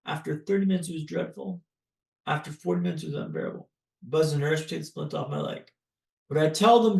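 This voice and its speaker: A man from Canada, a podcast guest, telling a personal story in a dramatic, paced way with pauses. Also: fairly high pitch, gravelly, a little mellow, reverberant.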